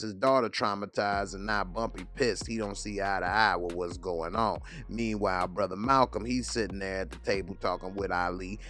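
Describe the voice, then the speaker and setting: A man's voice: lowish voice, fairly bright tone. A man hosting a TV review, casually retelling an episode in a loose, slangy storytelling manner. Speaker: TV review host.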